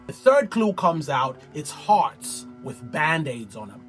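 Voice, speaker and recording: Lively high-voiced man recapping a show. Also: takes it slowly, hardly any pauses, faint music behind. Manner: animated, slangy, acts out others. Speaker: TV recap vlogger. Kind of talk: casual commentary.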